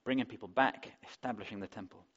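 A man delivers a sermon in an easy, talking-it-through manner, full of rhetorical questions. His voice sits fairly low. The recording sounds muffled and lo-fi. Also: fast talker, a bit bright, slightly rough. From England. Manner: conversational, asks the congregation rhetorical questions. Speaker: preacher.

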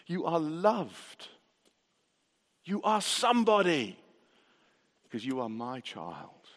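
Brief: preacher quoting a gentle reassuring God, a man's fairly high voice, reverberant room. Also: wildly swooping pitch, takes it slowly, exaggerated voice. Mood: tender. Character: God speaking tenderly to his people. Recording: reverberant hall.

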